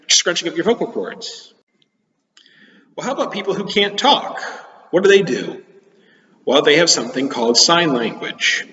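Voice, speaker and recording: A man's voice: on the high side, fairly bright tone. Guy teaching a kids science class, chatty, shows stuff as he goes, muffled sound w a long echo tail. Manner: chatty, explains with demonstrations. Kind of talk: classroom lesson for children. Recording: dull sound with long reverb.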